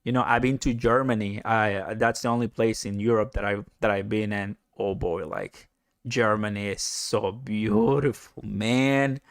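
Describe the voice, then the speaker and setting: A man hosting a casual live stream, chatting excitedly, laughing often and answering viewer comments. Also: lowish voice, measured pace, dry recording, clean studio sound.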